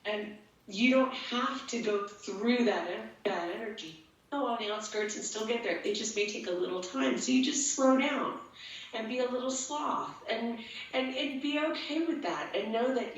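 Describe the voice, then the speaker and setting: A woman's voice: fairly high pitch, animated, moderate pace. A woman speaking as an interview guest, talking earnestly and at length in a rambling way. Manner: earnest, rambling, gets emotional. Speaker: guest, empath and tattoo artist. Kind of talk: casual interview talk. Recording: echoey, distant, dull sound.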